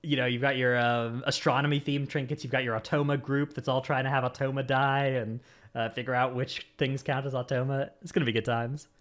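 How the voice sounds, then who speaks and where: A man's voice: medium pitch, little pitch movement, fairly quick, fairly bright tone. A man hosting a casual gaming podcast, reading lists of supporter names with running jokes. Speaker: podcast host.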